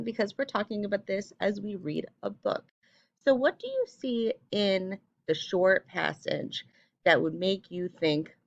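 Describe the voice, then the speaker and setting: A woman teacher giving a recorded reading lesson, speaking clearly and patiently and reading short passages aloud with expression. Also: mid-range voice, no echo, dull audio.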